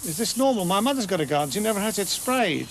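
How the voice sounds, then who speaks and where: A high-pitched man hosts a travel documentary with a playful, teasing manner. He tells jokes haltingly, full of restarts, over a faint hiss of background noise. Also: animated. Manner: playful, hesitant joke-telling with many restarts. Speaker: documentary presenter. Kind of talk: jokey documentary presenting and interviewing.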